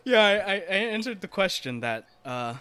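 A man running a tabletop role-playing game, chatting in an animated way and laughing often. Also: high-pitched, moderate pace, a loud crowd. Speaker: game master. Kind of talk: casual tabletop game chat.

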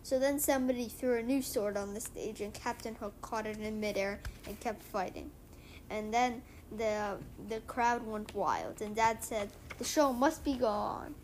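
A woman reading a comic book aloud and retelling its story in a halting way, with many restarts. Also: medium pitch, a little mellow, slight background noise. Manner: halting, with frequent restarts and fillers.

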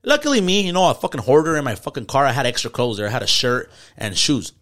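A man's voice: medium pitch, expressive, quick pace, a bit bright. A young man, telling a story in casual podcast chat, slangy and profane, dropping in Spanish words. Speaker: podcast host.

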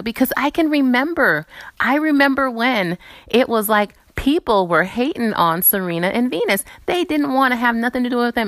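A woman in her thirties hosting a casual chat show, telling stories in an animated way and acting out quoted voices. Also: mid-range voice, no room sound. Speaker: host. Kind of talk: casual chat and movie previews.

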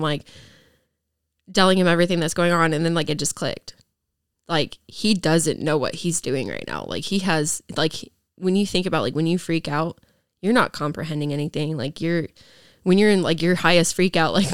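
A woman's voice: deep voice, clean tone, no echo, clean studio sound. A young woman, a podcast guest, telling a personal story casually and rambling with lots of filler words. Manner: rambling, heavy use of "like" fillers.

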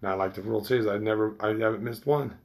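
A man's voice: on the low side, steady tone, fast. A man talks casually to his viewers. He rambles in a loose way and swears often. He keeps breaking off and restarting his sentences. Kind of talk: casual chat.

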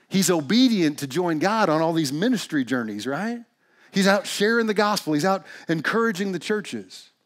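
A man preaching a sermon to his congregation in a church, talking in a conversational, joking way. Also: a little high. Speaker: pastor. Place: church sanctuary.

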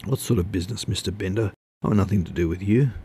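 A man's voice: deep voice, quick pace, warm tone, slightly rough, dry recording, full character voice. A man voicing a nervous homeowner who speaks in an uneasy, placating way. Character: nervous middle-aged man, wary homeowner.

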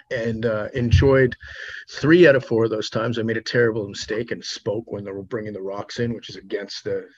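Host-turned-guest, male, husky and low, rambling storyteller full of restarts. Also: darkish tone, muffled recording. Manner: rambling, many restarts and fillers. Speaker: podcast host and author being interviewed. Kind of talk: casual storytelling interview. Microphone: remote podcast mic.

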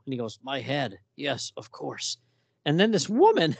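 A man co-hosting a casual podcast, talking through a comic book and reading its dialogue aloud with lively emphasis. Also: mid-range voice, moderate pace, gravelly, slightly rough, no room sound.

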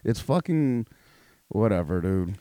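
A man with a low, mellow voice trades crude jokes in a loose podcast chat. His talk is blunt and full of swearing. The sound is dry and close. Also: expressive, slow, no echo. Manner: profane, blunt, laughs often. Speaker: podcast co-host.

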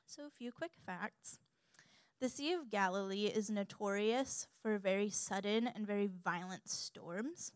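A young woman giving a sermon in an animated, humorous way. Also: medium pitch, measured pace, clear, resonant tone, no room sound. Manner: animated and humorous, acts out quoted voices.

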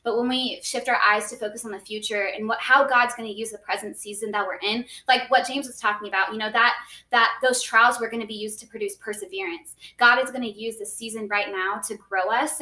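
A young woman shares a personal faith story in an earnest, rambling way, full of "like"s and quick restarts. Her voice is bright. The recording has a roomy echo and she sits a little back from the mic. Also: on the high side, recorded from a distance. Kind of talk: casual faith testimony. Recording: echoey room, voice a bit off-mic.

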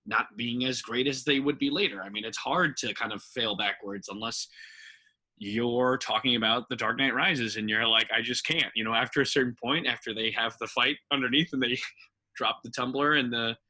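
A man's voice: medium pitch, steady tone, moderate pace, bright, forceful tone. A man co-hosting a podcast, chatting in a jokey, rambling way about ranking films. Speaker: podcast co-host. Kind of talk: casual film-ranking chat.

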